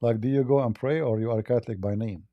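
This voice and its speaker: A man hosting a live call-in debate, speaking haltingly with repeated words and blunt, probing questions. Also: mid-range voice, no echo, lo-fi sound. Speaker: debate host.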